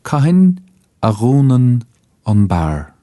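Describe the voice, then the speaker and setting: A man with an Irish accent narrating a scripted language lesson, saying each phrase slowly and carefully so listeners can repeat it. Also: medium pitch, very animated, dark tone, dry recording, clean studio sound. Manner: slow, careful enunciation for repetition. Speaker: language teacher.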